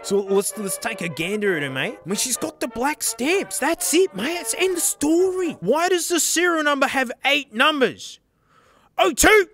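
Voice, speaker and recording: A young man hosting a drum vlog, talking casually and excitably, going from low mutters to loud outbursts. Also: dry recording, studio quality. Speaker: drum channel host.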